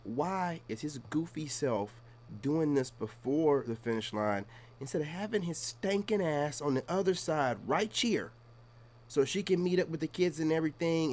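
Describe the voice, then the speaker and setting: A man's voice: a little high, darkish tone. An American man giving casual reaction commentary, blunt and slangy, talking straight to his viewers.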